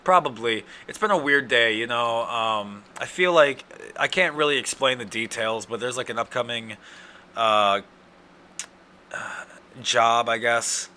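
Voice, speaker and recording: A man's voice: medium pitch, measured pace. Ranting Midwestern man, dry throat. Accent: Upper Midwest. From Wisconsin. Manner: ranting, profane, loud outbursts. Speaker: podcast host. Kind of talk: casual solo rant.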